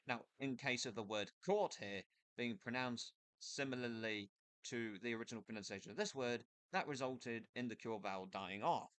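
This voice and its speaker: A man giving a casual spoken explainer over a screen recording, thinking aloud in a loose, hesitant way with pauses and restarts. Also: medium pitch, fairly bright tone, no echo. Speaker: video creator explaining accents. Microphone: computer mic with screen capture.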